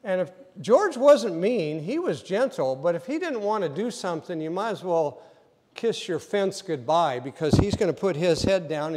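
A man preaching a sermon as pastor, telling the story vividly and acting out scenes, sometimes rising to loud emphasis. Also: high voice, long reverb tail. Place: church sanctuary.

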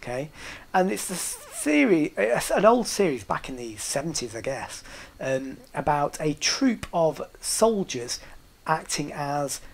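A man's voice: fairly high pitch, very animated, measured pace, gravelly. Rambling man with a northern English accent. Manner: rambling, hesitant, with many fillers and restarts; laughs at his own story. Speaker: storyteller. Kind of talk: casual anecdote telling.

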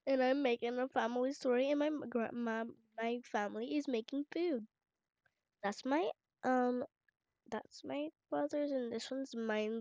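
A woman's voice: a little high, measured pace, a little mellow, no echo. A woman hosting a channel who narrates a casual game story aloud as she plays, chatty and rambling. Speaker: channel host. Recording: dull lo-fi home mic, dry. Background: family noise in the home.

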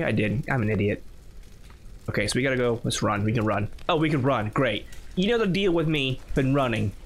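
A man's voice: mid-range voice, fairly bright tone. A man on a YouTube channel giving nervous, chatty running commentary while playing a horror game. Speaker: YouTube gamer.

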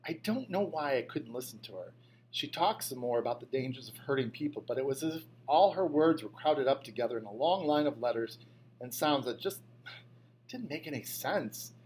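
A man reading an audiobook as a first-person storyteller, in scripted narration that turns lively on a child's outbursts. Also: mid-range voice, moderate pace, breathy edge.

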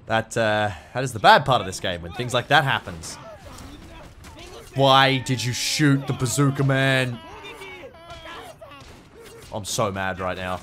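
A young Australian man giving let's-play commentary, excitable, swearing and yelping at the action on screen. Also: medium pitch, a little slow, long pauses. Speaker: gaming YouTuber.

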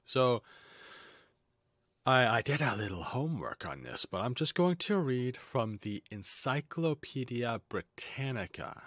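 A man's voice: medium pitch, sing-song, unhurried, a bit bright, no echo. A man hosting a casual lesson, reading aloud and breaking off into chatty, jokey asides. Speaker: host.

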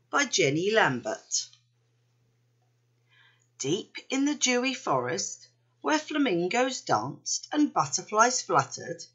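A woman gently reading a picture book aloud to two children, in an expressive read-aloud manner. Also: on the low side, slightly rough, highs cut off. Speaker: storybook reader.

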